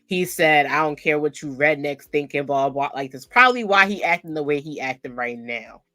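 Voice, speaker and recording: A woman from Africa co-hosting a casual wrestling chat, talking in an animated, slangy way and laughing often. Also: sits low, a little fast, no room sound, clean studio sound. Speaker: podcast co-host.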